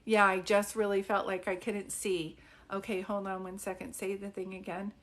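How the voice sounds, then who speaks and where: A woman's voice: mid-range voice, flat delivery, moderate pace. A middle-aged woman, a psychic medium, giving a chatty live-stream reading, full of fillers, questions and laughs.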